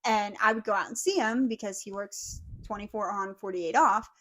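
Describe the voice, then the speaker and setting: A young woman co-hosting a podcast, telling a personal story in a casual, animated way, swearing freely and acting out what people said. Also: mid-range voice, normal speed, no echo, low-quality recording. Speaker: podcast co-host.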